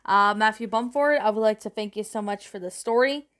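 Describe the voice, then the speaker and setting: A woman's voice: mid-range voice, fairly quick, fairly bright tone. A woman narrating a creepypasta and then reviewing it in a rambling, self-correcting way.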